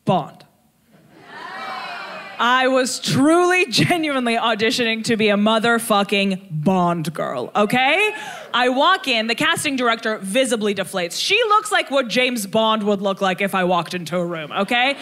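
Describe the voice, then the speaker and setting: Bright-voiced woman doing stand-up. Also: medium pitch, moderate pace. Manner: animated, crude, self-mocking storytelling. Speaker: stand-up comedian. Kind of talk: stand-up comedy storytelling. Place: comedy stage before a live audience.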